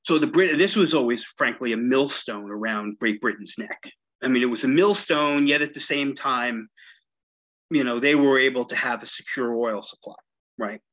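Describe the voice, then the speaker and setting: A man's voice: medium pitch, normal speed, fairly bright tone, lo-fi sound. A man giving a conversational history lecture at a library, with frequent "right?" and "you see?" asides to his listeners. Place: public library meeting room.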